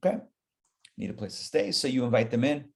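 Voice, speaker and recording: In a creaky, mid-range voice, a man who is a rabbi moves quickly through a live Torah lesson, talking straight to his audience with conversational energy.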